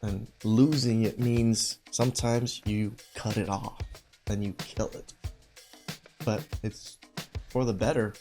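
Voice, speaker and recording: A man's voice: on the low side, steady tone, slow, warm tone, faint music behind. A man hosting a podcast, reacting casually to video clips.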